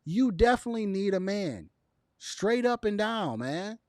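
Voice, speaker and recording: A man's voice: high-pitched, big pitch swings, a little slow, darkish tone, slight background noise. A man giving casual opinion commentary to camera, emphatic and repetitive, with chuckles between his points. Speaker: video commentator.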